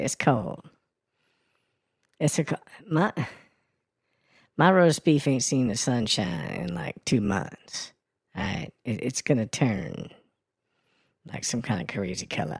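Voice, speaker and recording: A man voicing a brash, foul-mouthed woman who reads crude news and weather on a comedy radio show, ranting with a gravelly sass. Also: mid-range voice, darkish tone, no echo, studio quality, heavily acted. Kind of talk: comedy radio character bit.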